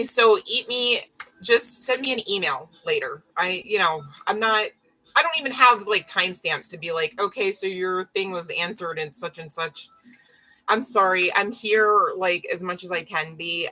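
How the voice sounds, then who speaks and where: Woman tarot reader, live stream, low pitch, forceful bright tone, rambling and blunt with swearing. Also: poor audio. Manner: rambling and frank, swears, apologizes often.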